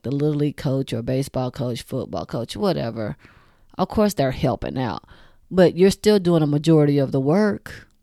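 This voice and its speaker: A woman in her forties hosts a casual talk, speaking bluntly and swearing freely straight to her listeners. Her voice sits low and mellow. The recording is dry and close. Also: no room sound. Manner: laughs at her own jokes. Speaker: podcast host.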